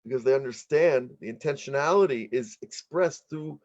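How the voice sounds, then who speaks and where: An American man, a middle-aged rabbi, teaching an online workshop in an explanatory, halting way with frequent restarts. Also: mid-range voice, darkish tone, dull audio. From United States.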